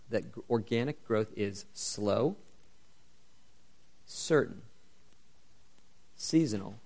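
A man's voice: fairly low pitch, gravelly. A man preaching a sermon, speaking in an earnest, conversational way and asking his listeners many questions. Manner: asks the congregation many rhetorical questions; earnest, lively, and conversational, addressing the crowd as "you guys".

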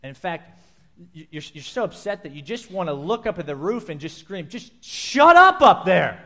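A man preaching a sermon, telling a scripture story in vivid, animated detail and acting out its scenes. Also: a little high, fairly quick.

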